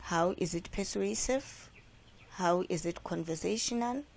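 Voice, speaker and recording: A woman's voice: lowish voice, a little slow, gravelly. A woman with a South African accent, an English teacher explaining how to answer comprehension questions and checking in with "right?". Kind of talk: classroom lesson explaining exam questions.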